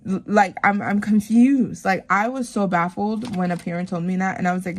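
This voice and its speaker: A woman talks casually to her viewers while she counts bills into savings envelopes. She is a teacher, and she retells her week in a chatty, animated way. Her speech is full of "like" and "um" fillers. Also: medium pitch, normal speed, hardly any pauses. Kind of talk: casual chat while stuffing cash envelopes.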